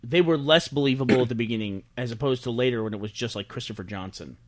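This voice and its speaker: Fast-talking man on a podcast. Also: mid-range voice. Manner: animated storyteller, breaks down numbers. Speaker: podcast host. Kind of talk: casual chat.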